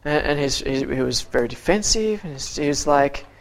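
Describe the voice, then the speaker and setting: A teacher talks a class through a Bible story, pitched in the middle of the usual range. The delivery is halting, stopping to repeat words and throw questions at the listeners, and it slips into quoted voices for the characters. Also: animated, gravelly. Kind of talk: interactive Bible story lesson.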